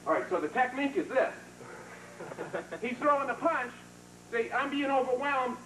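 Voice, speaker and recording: A man's voice: very high voice, moderate pace, a bit bright. A man teaching a karate seminar, talking casually as he demonstrates moves, coaching students with short praise. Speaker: karate instructor. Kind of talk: hands-on martial arts seminar teaching. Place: training hall. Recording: echoey hall, distant mic, noisy 1990s video.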